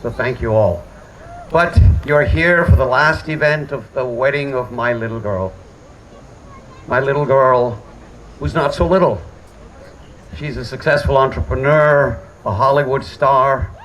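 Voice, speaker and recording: A man's voice: mid-range voice, measured pace, a bit bright, muffled recording, slight background noise. Joking middle-aged father giving a toast. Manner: joking, self-deprecating. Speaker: father of the bride. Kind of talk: wedding toast speech. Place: hotel wedding reception.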